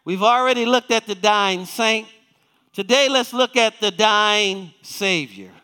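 A man's voice: high voice, sharp tone, smooth, long reverb tail. A male pastor preaching a sermon, reading scripture and asking the congregation questions. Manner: reads scripture aloud with emphatic, slowed quotes. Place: church sanctuary.

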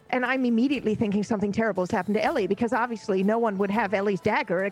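A woman player describing her character's actions in a tabletop game, animated and giggly. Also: mid-range voice, very fast, hardly any pauses, faint music behind. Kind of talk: tabletop role-play chat.

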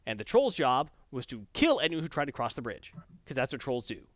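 A man's voice: mid-range voice, sing-song, a little fast, no room sound. A man hosting a casual comic review chat, retelling a story animatedly and acting out the voices, in a dull lo-fi recording. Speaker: podcast co-host reviewing comics.

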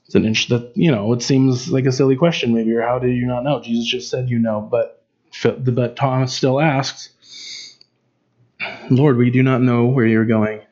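A man's voice: medium pitch, fairly even intonation, normal speed, a little mellow, highs cut off. A man preaching in an informal, conversational way, with frequent fillers and restarts. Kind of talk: informal Bible teaching.

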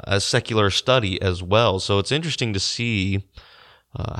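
A young man retelling a story to his listeners in casual talk, halting with many fillers and restarts. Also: deep voice, a bit bright, clear, resonant tone. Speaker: podcaster.

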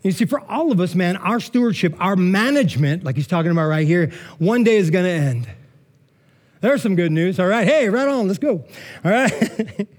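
A man's voice: high voice, expressive, normal speed. A man preaching a sermon in a casual, conversational way, full of asides and rhetorical questions. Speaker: pastor.

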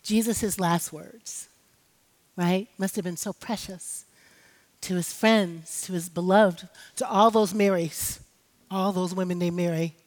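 A woman's voice: lowish voice, steady tone, takes it slowly, darkish tone. Woman pastor preaching a personal sermon. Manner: storytelling, personal and humorous, speaks directly to the congregation.

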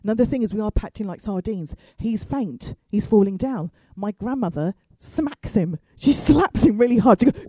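A woman's voice: fairly high pitch, expressive, moderate pace, hardly any pauses, dark tone, no echo, rough recording. A woman stand-up comedian telling a story with wry asides and free swearing. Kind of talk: comic storytelling.

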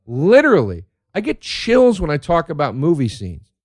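In a clean studio recording with no room sound, a man delivers a casual monologue of rambling, profane stories. His voice is a little high, with wildly swooping pitch at a moderate pace, and he gets worked up easily about the things he loves.

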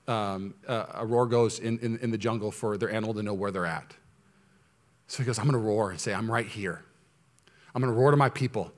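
A male pastor preaching a sermon, moving between quiet, low asides and loud, high, impassioned stretches.

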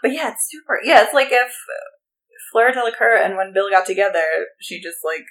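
A woman co-hosts a book podcast in loose, rambling chat full of fillers. Her pitch rises and falls a lot as she talks. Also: lively intonation, a little fast, fairly bright tone, low-quality recording. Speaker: podcast co-host. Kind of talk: casual book-club chat.

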